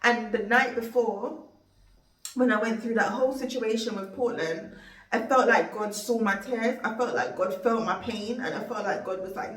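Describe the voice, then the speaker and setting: A woman's voice: on the high side, moderate pace, a bit bright. A young woman telling a personal story in a heartfelt, rambling, faith-filled way. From Jamaica. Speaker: vlogger. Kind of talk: emotional storytime monologue. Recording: roomy, distant from mic.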